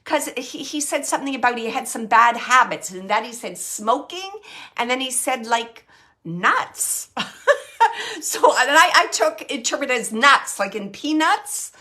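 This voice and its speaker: A woman's voice: on the high side, lively intonation, unhurried, sharp tone. A woman working as a psychic medium, chatting to an online audience, laughing often and relaying messages she says she hears.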